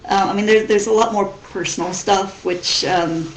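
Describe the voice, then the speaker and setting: Woman, 30s, American accent blended with English, casual vlog chat, rambling with restarts, medium pitch, echoey room. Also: fairly even intonation, moderate pace, slight background noise. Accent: American mixed with English. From Missouri, United States. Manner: chatty, rambling, frequent restarts. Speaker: vlogger. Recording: roomy echo.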